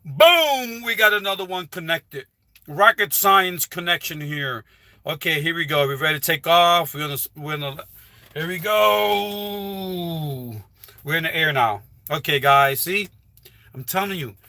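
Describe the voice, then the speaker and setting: Man, high and bright-toned, rambling casual livestream advice, dry close phone sound. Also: normal speed, no echo. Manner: rambling, repetitive, with frequent restarts. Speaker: livestreaming YouTuber. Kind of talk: casual live stream advice talk. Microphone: phone held while livestreaming.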